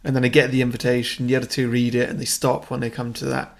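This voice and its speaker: A man co-hosting a podcast, chatting casually about a film and acting out quoted lines in an animated way. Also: medium pitch, quick pace, vocal fry. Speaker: podcast co-host. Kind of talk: casual film review chat.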